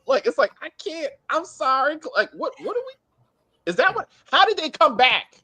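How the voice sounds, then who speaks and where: A man co-hosting a casual movie review, excitable, laughing and quoting characters with exaggerated voices. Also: very high-pitched, moderate pace. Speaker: podcast co-host.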